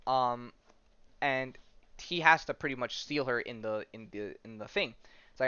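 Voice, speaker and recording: A man's voice: mid-range voice, normal speed, sharp tone, clear, resonant tone, no room sound, muffled recording. A man hosting a podcast, rambling through a comic story in casual chat and acting out the characters' lines with lots of fillers. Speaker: podcast host.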